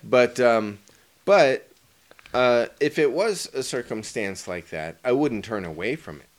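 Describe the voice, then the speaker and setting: A man's voice: mid-range voice, expressive, unhurried. A man co-hosting a casual movie podcast, rambling with hesitations and occasional swearing. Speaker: podcast co-host.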